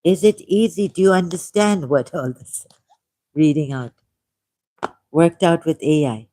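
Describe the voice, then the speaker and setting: A man with a Pakistani accent hosting a livestream, reading a text aloud at a deliberate pace with musing asides and repeated key words. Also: fairly high pitch, mellow, no room sound. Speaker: livestream host.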